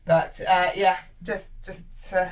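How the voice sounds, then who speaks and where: A woman's voice: on the low side, flat delivery, slow, heavy background noise. Chatty woman vlogging on a boat. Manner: chatty, rambling, laughs often, anxious worries. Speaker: vlogger host. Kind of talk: casual chat to camera. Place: inside a narrowboat.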